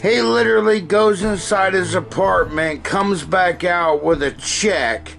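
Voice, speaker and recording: Gravelly, profane man recapping a movie. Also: high voice, measured pace, soft background music. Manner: profane, animated, play-by-play joking. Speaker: movie reviewer.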